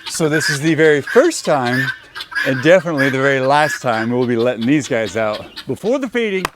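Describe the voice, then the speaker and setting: A man's voice: medium pitch, a little fast. An easygoing man chatting on a farm vlog while he handles the animals. He is outdoors in a pen, and faint background hiss hangs under his voice. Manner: easygoing, talks to animals, laughs often. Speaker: homestead vlogger. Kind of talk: casual chat while doing farm chores.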